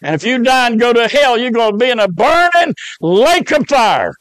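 A man preaches a revival sermon, mixing homespun stories with fervent warnings. His voice sits high for a man and sounds dry and close to the mic. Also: lively intonation, normal speed, a bit bright, dry recording, low-quality recording. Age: 70s.

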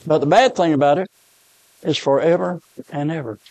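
A man preaching an impassioned revival sermon, swinging from hushed lines to shouted repetitions. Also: on the high side, moderate pace, pauses often, no room sound, poor audio.

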